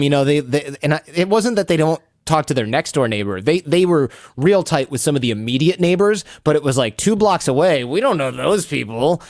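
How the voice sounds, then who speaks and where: A man guesting on a podcast, telling stories in an animated way and acting out the people he quotes. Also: fairly high pitch, a little fast, few pauses, no room sound, clean studio sound. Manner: animated, acts out quoted people in raised voices. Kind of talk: storytelling interview talk.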